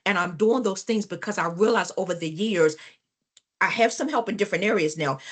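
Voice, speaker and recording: A woman runs a business workshop in a voice of middling pitch. She tells stories to the class with animated emphasis and turns to the group to check they are following. She repeats key phrases to hammer them home. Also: brisk. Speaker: workshop trainer. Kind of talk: live business workshop talk.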